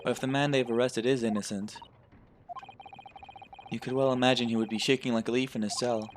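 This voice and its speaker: A man's voice: medium pitch, steady tone, fairly quick, background noise, natural voice. A man voicing a nervous, earnest young defense lawyer from a game in close to his own voice, speaking with hesitation.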